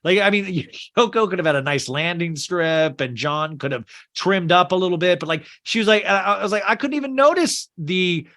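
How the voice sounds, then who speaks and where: Male podcast host, lively pitch, bright tone, playful recapper who slips into voices. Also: moderate pace, few pauses. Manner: animated, does funny character voices. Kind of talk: casual movie recap with acted quotes.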